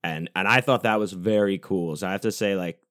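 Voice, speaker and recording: A man hosts his own podcast in a loose, rambling monologue, dropping casual profanity as he goes. His voice sits low, and the sound is dry, with no room echo. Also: a little fast, a bit bright. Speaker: podcast host.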